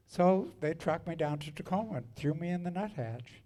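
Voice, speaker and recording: A man's voice: a little high, expressive, moderate pace, mellow. A man in his seventies telling stories on stage between songs, speaking frankly and wryly with crude jokes. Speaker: singer and storyteller on stage. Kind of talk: spoken storytelling between songs at a live show. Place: live music venue.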